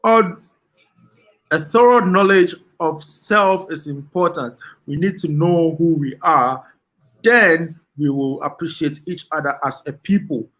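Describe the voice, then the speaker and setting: Ghanaian male host, unhurried delivery, slightly raised pitch, relaxed live-stream chat. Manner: slow, relaxed, laughs often, slips into Ghanaian Pidgin. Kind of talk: casual live stream chat, reading comments.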